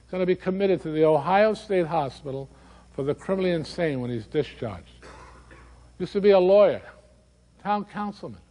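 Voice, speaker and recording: A man voicing a sharp-tongued woman hospital nurse in a stage monologue, brisk and skeptical. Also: sits high, animated, long reverb tail.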